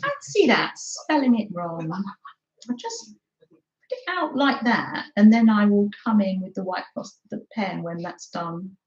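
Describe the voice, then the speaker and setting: A woman chats gently through a craft livestream at an unhurried pace, warmly greeting viewers by name. Her voice sits in a middle register, and the sound is roomy and a little muffled, like a lo-fi recording. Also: mid-range voice, big pitch swings. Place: by the seaside, away from her desk.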